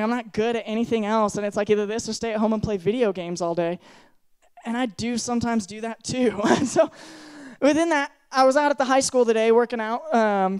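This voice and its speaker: A man's voice: very high-pitched, clean tone. A young man giving a casual youth sermon on a handheld mic, telling stories in a chatty, self-deprecating way with lots of "like" and "right?". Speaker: youth speaker. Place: youth service room.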